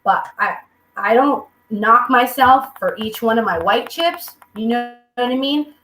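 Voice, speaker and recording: A woman's voice: fairly high pitch, measured pace, reverberant, rough recording. A woman speaking candidly at a recovery meeting, telling her own story with humor and acting out the people in it. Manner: candid, humorous, quotes people in lively voices. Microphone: video call.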